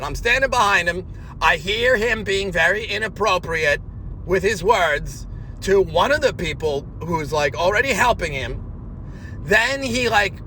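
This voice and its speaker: Rambling worked-up guy, high bright voice, goes from yelling to muttering. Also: a little hiss or hum. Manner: agitated, rambling, swings between shouting and low muttering. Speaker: monologue speaker. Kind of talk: rambling spoken monologue.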